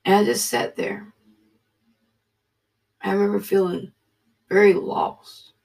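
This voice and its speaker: A Bible study leader reading scripture and telling a personal testimony, earnest and halting, dropping to a hushed voice. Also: medium pitch, fairly even intonation, vocal fry, far from the mic.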